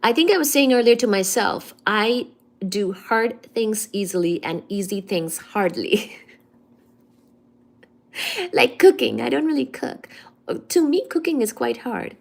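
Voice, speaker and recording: A woman hosting a casual livestream, greeting viewers one by one by name and answering chat in a soft-spoken way with frequent ums. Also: a little high, expressive, measured pace, creaky, pauses often. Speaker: livestream host reading chat.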